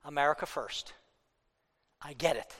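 A man preaching a fiery political sermon, worked up, swinging between loud outbursts and low asides. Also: moderate pace, in a large hall.

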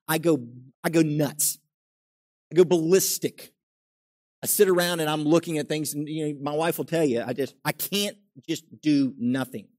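A middle-aged male pastor preaching a conversational sermon, asking his congregation questions and acting out everyday quotes. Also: fairly high pitch.

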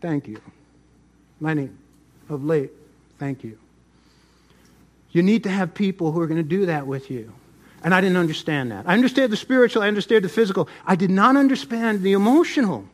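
A middle-aged pastor preaching a sermon, swinging between loud emphasis and soft asides. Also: male voice, high-pitched, lively intonation, a little fast, long pauses.

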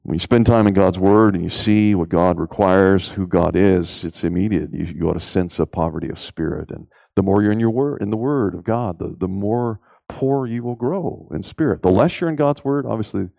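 A man preaching a sermon emphatically, asking rhetorical questions and rising in pitch on key points. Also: moderate pace, vocal fry, hardly any pauses, mellow, dry recording.

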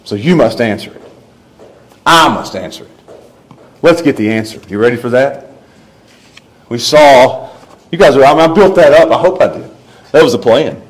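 A man's voice: mid-range voice, lively intonation, moderate pace, long pauses, low-quality recording. A man preaching a sermon, emphatic, with rising and falling delivery. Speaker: pastor.

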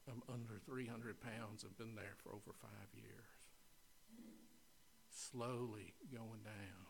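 A middle-aged man with a West Kentucky accent preaching a sermon, dropping to near-whispers in personal stories and rising to loud exhortation. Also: mid-range voice, slight background noise. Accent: Western Kentucky. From Western Kentucky. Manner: swings from quiet confessional tones to loud exhortation.

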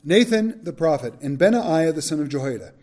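A man's voice: on the high side, animated, fairly quick, a little mellow. A man reading aloud the solemn oath of an aged king.

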